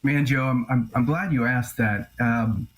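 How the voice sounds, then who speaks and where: A male journalist and author answering interview questions in an earnest, grave way, with halting restarts. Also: medium pitch, rough recording.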